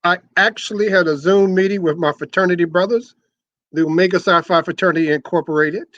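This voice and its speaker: As an interview guest, a former radio sales manager, an older man, talks fairly quickly about his long career on the air side of the business, often repeating words while restarting his explanations. His high, fairly bright voice has fairly even intonation. The recording is muffled, with no room sound.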